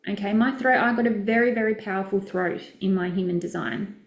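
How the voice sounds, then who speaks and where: A woman's voice: medium pitch, fairly quick, reverberant. A woman, a business coach, chatting casually and effusively with viewers during a live session, rambling and correcting herself as she goes.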